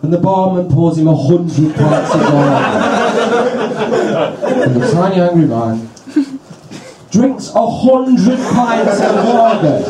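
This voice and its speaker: A man's voice: high-pitched, animated, slow, long pauses, recorded from a distance. A man doing a stand-up comedy set on a handheld mic, exasperated and repeating himself at a pretend audience member. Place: comedy venue with a live audience. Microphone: handheld stage mic. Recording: echoey live room, crowd audible.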